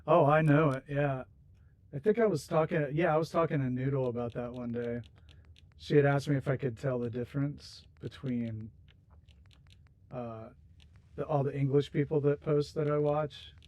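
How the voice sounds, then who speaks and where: A man's voice: mid-range voice, steady tone, normal speed, a little mellow, no room sound, lo-fi sound. A man hosting a game livestream, chatting casually and rambling with viewers while he builds, laughing easily. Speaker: livestream host.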